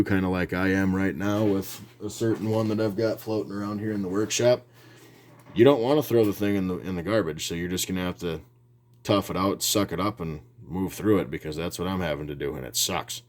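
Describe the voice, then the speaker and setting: Low-voiced man in his workshop. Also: steady tone, brisk, darkish tone. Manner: rambling, plain-spoken, frequent restarts. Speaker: hobby video host. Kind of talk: casual how-to talk. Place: home workshop.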